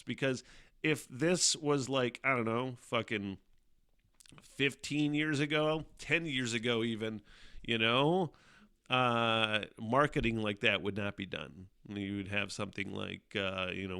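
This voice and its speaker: A man's voice: fairly low pitch, gravelly, pushed and bright, smooth, no echo, studio quality. A man hosting his own podcast, chatting casually and profanely, laughing often as he tells a story. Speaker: podcast host. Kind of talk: casual solo chat.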